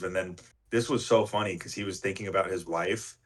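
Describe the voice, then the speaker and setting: A man's voice: on the low side, brisk. A man co-hosting a book club podcast, retelling the story in a rambling, casual way with lots of filler words. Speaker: podcast co-host.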